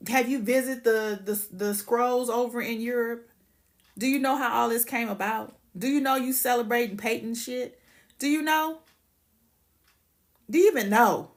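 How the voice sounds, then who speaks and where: A woman's voice: on the high side, moderate pace. A woman hosting a casual livestream, ranting bluntly and profanely and greeting viewers by name. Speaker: livestream host.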